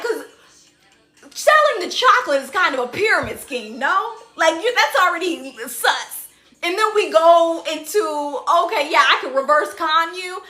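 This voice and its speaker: A young woman hosts a casual live stream from indoors, talking into her phone as she reads comments aloud. Her voice is high and bright and jumps all over the place, and she laughs often and slips into goofy cartoon impressions. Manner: laughs often, animated, quotes cartoon lines in silly voices. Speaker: TikTok live host.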